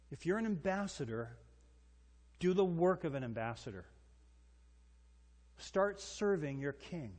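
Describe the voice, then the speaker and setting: A man delivers a sermon in an emphatic, animated style, pressing his listeners with rhetorical questions. His voice sits a little higher than most men's. It carries a long reverb tail, as if from a large hall. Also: unhurried, pauses often. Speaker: pastor.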